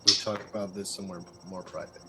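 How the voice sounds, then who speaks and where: A man playing a tabletop game, speaking quietly and matter-of-factly. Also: deep voice, little pitch movement, fast talker. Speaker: player. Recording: noisy home recording.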